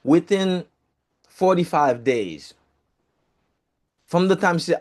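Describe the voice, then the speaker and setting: Male speaker for a real estate group, casual storyteller with a lively, rather high voice and a loose, profane delivery. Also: slow. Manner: animated, chatty, swears, fillers like blah blah.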